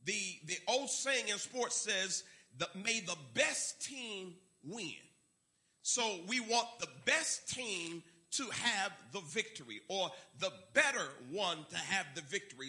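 A man's voice: high-pitched, lively intonation, slow, sharp tone. A man preaching a sermon, emphatic and repeating key words for effect. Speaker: pastor.

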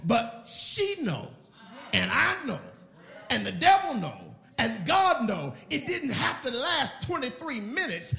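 A man's voice: sits high, sing-song, measured pace, creaky, sharp tone, roomy sound. A middle-aged man, a pastor, preaching a sermon with emphatic storytelling. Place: church.

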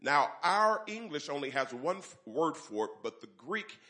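A pastor preaching a sermon in a church, leading the congregation in call-and-response and rising loud on key phrases. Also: male voice, on the high side, big pitch swings, moderate pace. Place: church sanctuary.

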